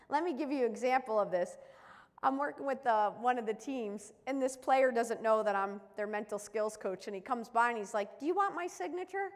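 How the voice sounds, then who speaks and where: A woman mental skills coach delivers an emphatic, preaching motivational talk, firing off rhetorical questions at her listeners. Her voice sits high and carries a long reverb tail, as in a big hall. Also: moderate pace. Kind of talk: motivational live-stream talk.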